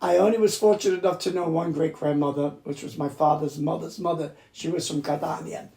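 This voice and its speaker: An older man from New York City, an accordion player, tells chatty, profane family stories during a casual interview in a room of his Queens home. His fairly high voice is gravelly and dark-toned, brisk and steady. The recording carries roomy echo.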